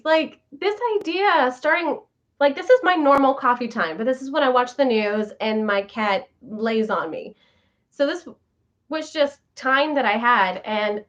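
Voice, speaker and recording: Bubbly, high-voiced chatty woman. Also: fairly bright tone, dull audio. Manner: bubbly, chatty, giggly, reads viewer comments aloud. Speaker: vlogger host. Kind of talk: casual live chat with viewers.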